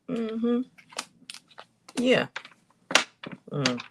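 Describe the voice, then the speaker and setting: A woman giving a casual spiritual reading to her viewers, thinking aloud with drawn-out hums and pauses and talking to them in a colloquial, direct way. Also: very deep voice, very animated, vocal fry, noisy background. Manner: colloquial, addresses viewers as y'all. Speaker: intuitive reader.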